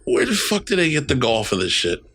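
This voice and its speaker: A man's voice: on the high side, wildly swooping pitch, a little fast, a bit bright, a little hiss or hum. A man in his thirties co-hosting a casual podcast, blunt and ranting, swearing freely. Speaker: podcast co-host. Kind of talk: casual profane chat.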